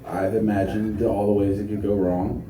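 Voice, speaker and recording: A young stand-up comedian does a crude, profane set with crowd work, his delivery laid-back. His voice is fairly low, level and warm, at a normal speed. It was recorded from a distance in a small venue that is noisy and echoey.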